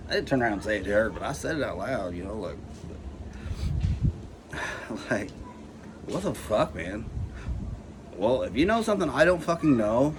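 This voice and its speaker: A man ranting casually to his camera about anxiety, swearing a lot and filling with "like" and "you know.". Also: mid-range voice. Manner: profane, rambling, says "like" and "you know" constantly. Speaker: vlogger. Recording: noisy background hiss.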